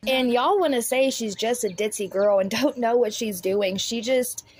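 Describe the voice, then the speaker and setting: A woman's voice: fairly high pitch, normal speed, darkish tone, no room sound. A woman hosting a critical commentary video, blunt, sarcastic and profane. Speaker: commentary host.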